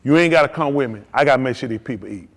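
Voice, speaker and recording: Talking very fast at medium pitch, a man delivers a sermon live-streamed to his congregation. The pastor pounds out brief, forceful statements again and again with great emphasis.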